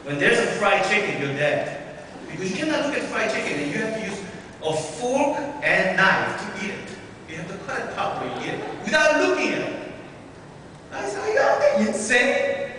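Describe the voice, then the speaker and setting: Animated man telling a testimony in church. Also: extremely high pitch. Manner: animated, acts out quoted voices. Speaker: guest speaker giving a testimony in church. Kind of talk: sermon testimony storytelling. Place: church sanctuary. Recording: echoey hall from far off, faint noise.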